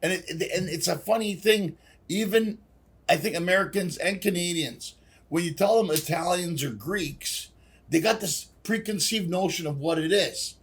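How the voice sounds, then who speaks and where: Husky high-voiced man, animated storyteller. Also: normal speed. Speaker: guest comedian. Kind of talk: casual podcast chat.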